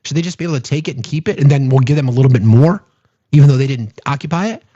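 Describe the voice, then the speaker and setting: A man's voice: medium pitch, racing, mellow, dry recording, dull audio. A man hosting a political commentary stream, talking in an exasperated, sarcastic way and firing off rhetorical questions.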